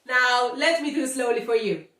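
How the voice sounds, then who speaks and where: Female language teacher, unhurried and demonstrative, high-ish voice, roomy recording. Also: fairly bright tone, far from the mic. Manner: slow, drawn-out demonstrations of sounds, playful scolding. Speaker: Spanish teacher. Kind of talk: pronunciation lesson.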